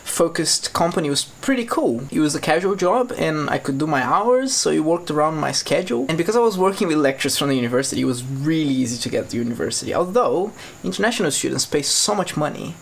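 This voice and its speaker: A man in his twenties from Brazil, with a Brazilian Portuguese accent, telling stories in a casual vlog, animated and laughing often. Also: quick pace, creaky, slight background noise. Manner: animated, laughing often, acting out quotes in a higher voice. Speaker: vlogger.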